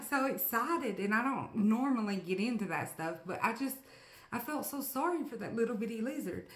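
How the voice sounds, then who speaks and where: A middle-aged woman, telling a story to her family in a chatty, rambling way with lots of fillers. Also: lowish voice. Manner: chatty, filler-heavy, cheering bursts. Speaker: storyteller mom. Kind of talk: casual spoken storytelling. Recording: echoey room.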